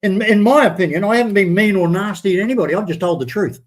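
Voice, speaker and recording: A man's voice: high voice, quick pace. A man hosting a livestream, short of breath, talking in a rambling, hesitant way that turns heated and profane. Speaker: livestream host. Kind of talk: casual livestream chat.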